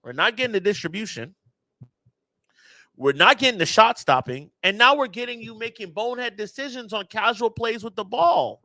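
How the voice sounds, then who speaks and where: High-voiced man ranting. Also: animated, normal speed, sharp tone, no echo. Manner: emphatic, exasperated, addresses viewers directly. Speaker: football fan channel host. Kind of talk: casual reaction rant.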